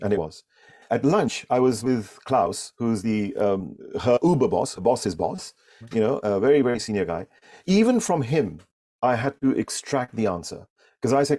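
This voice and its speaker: A man telling a workplace anecdote in an animated way, often restarting and repeating words. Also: mid-range voice, normal speed. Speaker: leadership speaker. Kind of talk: anecdotal storytelling.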